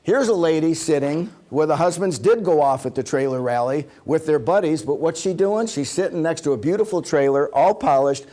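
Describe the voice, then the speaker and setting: A man presenting a seminar to a live audience, a joking storyteller who slips into acted quotes. His voice sits a bit higher than most men's. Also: brisk, hardly any pauses, warm tone. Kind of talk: humorous seminar talk.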